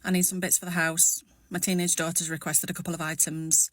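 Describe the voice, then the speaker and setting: Rambling, reflective Englishwoman, lowish voice. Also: level tone, a little fast, fairly bright tone, no room sound. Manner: rambling, reflective, steadying herself. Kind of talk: personal vlog monologue.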